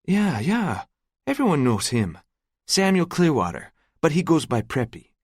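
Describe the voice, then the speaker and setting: A man's voice: fairly high pitch, big pitch swings, measured pace, a little mellow, dry recording, studio quality, pitched above the performer's own voice. A man voicing a blunt, accented woman clerk. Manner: broken, clipped English. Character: female gas station clerk with a foreign accent, blunt.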